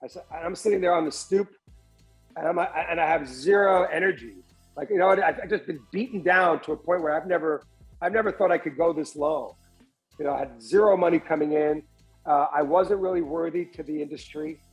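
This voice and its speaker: A man's voice: fairly high pitch, fairly quick, faint music behind, poor audio. A man, a restaurant entrepreneur telling his story as a podcast guest, often restarting and repeating words. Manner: animated storyteller who acts out other people's lines. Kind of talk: candid storytelling interview.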